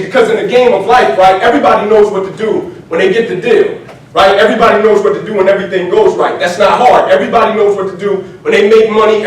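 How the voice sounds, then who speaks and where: Male motivational speaker, rather high voice, telling a story with a repeated "right?", heard from a distance in a very echoey space. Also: slight background noise. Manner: drops to a soft low voice for quoted lines. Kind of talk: storytelling speech. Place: event venue. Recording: echoey, from far off with faint ambience.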